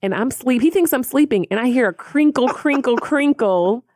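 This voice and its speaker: Een vrouw die als co-host van een podcast geanimeerd en losjes verhalen vertelt en haar luisteraars direct aanspreekt. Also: female voice, high-pitched, brisk, dry recording, clean studio sound. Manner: animated, addresses listeners as y'all. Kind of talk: casual storytelling.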